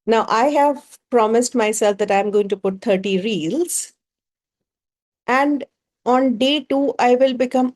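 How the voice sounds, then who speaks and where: A woman's voice: fairly high pitch, slow, darkish tone. A woman with a Bengali-inflected Indian English accent, leading a group workshop as facilitator and working through ideas with rhetorical questions.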